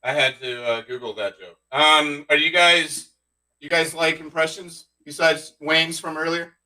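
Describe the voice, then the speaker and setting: Male stand-up comic, deadpan one-liners, bright tense tone, heard from off the mic. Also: fairly high pitch, measured pace, distant mic, low-quality recording. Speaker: stand-up comedian. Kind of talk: stand-up set streamed live.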